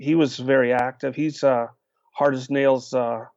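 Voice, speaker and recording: An older man tells stories as a podcast guest, his voice gravelly and steady at a mid pitch. He acts out the quotes and fills gaps with uh. The recording sounds dry and dull. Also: a little slow, dry recording. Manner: lively storyteller, acts out quotes, many uh fillers. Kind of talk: storytelling in a podcast interview.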